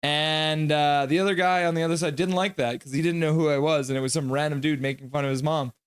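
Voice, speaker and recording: Speaking quickly in a slightly high, steady, smooth voice, a man hosts a livestream with no room sound. He chats in a casual, rambling way, reads chat messages aloud, and narrates the game play by play.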